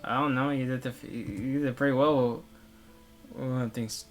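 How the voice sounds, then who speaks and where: A man's voice: mid-range voice, fairly even intonation, moderate pace, faint music behind. A man reading a visual novel aloud for a let's play, stumbling over words and breaking off for wry, offhand comments.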